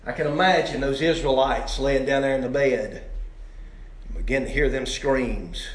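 A man preaching a sermon, telling the story in a folksy way and swinging from shouting to hushed tones. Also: medium pitch, moderate pace, echoey room.

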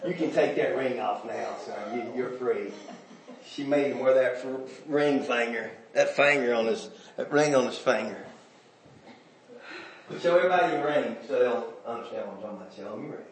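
A man preaching a folksy revival sermon, telling stories and building up to shouts. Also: medium pitch, normal speed, very echoey, recorded from a distance, slight background noise. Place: church sanctuary.

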